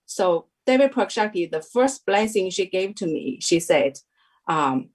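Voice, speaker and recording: A woman giving a personal testimony as an interview guest, telling her story in halting, unhurried phrases. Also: fairly low pitch, very animated, a little mellow. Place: lives in New Zealand.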